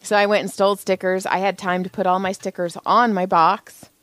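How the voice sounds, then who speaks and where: A woman co-hosting a casual chat, animated and swearing freely as she acts out what people said. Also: medium pitch, fairly quick, dry recording. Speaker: podcast co-host.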